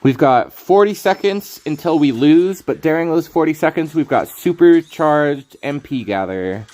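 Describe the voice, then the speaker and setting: A man's voice: fairly high pitch, expressive, measured pace, darkish tone, faint music behind. A man streaming a card game, rambling through casual commentary, playful and laughing often.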